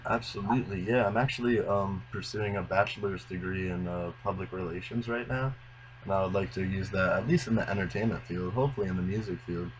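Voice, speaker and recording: A young man in his twenties, a musician guest in a casual interview, speaking earnestly and unhurriedly, often trailing off softly. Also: deep voice, brisk, a little hiss or hum, low-quality recording.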